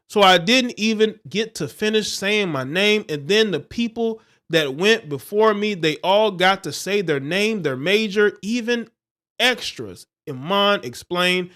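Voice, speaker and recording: High-voiced scornful man ranting on a livestream. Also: expressive, unhurried, a bit bright. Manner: scornful, insulting, preachy. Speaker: livestream host. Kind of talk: reading news and ranting commentary.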